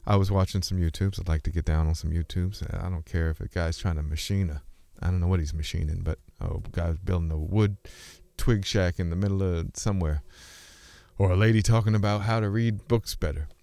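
Brisk and steady in tone, a man with a very low, gravelly voice rambles through a casual philosophical monologue, musing and interrupting himself. He restarts sentences and sometimes drifts between speech registers. The close, dry recording has no room sound or echo.

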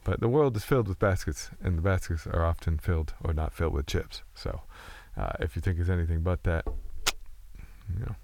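A man's voice: deep voice, a little fast, creaky, a little mellow, a little hiss or hum. A man hosting a casual chat, telling loose, profane, rambling stories with frequent restarts.

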